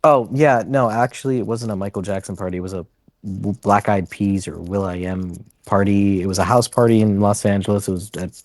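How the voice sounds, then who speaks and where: A man's voice: on the low side, fairly even intonation, a little fast, dry recording. A man being interviewed on a podcast, telling loose rambling stories and laughing as he goes. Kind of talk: casual storytelling interview.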